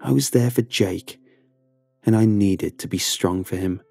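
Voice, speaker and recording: A man narrating a horror story in a slow, low, brooding way. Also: creaky, dark tone, husky, no room sound, studio quality. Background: faint music.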